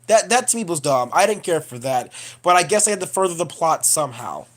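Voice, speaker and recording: A woman's voice: lowish voice, very animated, fairly quick. A woman vlogger giving a casual, profane, digressive film review rant.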